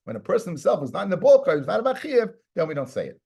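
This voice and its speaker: A man's voice: high voice, big pitch swings, rapid-fire, gravelly, a little mellow, slightly rough. A man, a rabbi, teaching a Talmud lesson in a conversational way, often repeating words and mixing in Hebrew and Aramaic terms.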